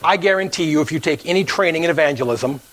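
A man's voice: on the high side, quick pace, low-quality recording. A male pastor preaching a sermon, acting out the story's characters and dropping at times to a near whisper.

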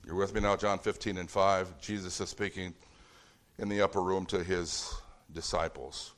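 A man's voice: low voice, fairly even intonation, moderate pace, fairly bright tone. A man preaching a sermon in a conversational, storytelling way, acting out bits of dialogue in different voices. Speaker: pastor.

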